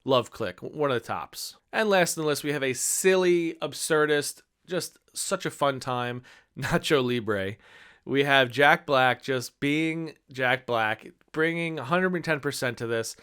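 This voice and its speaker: A man's voice: a little high, a bit bright, clean tone. A man in his thirties giving a casual, enthusiastic movie review, rambling with many fillers. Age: 30s.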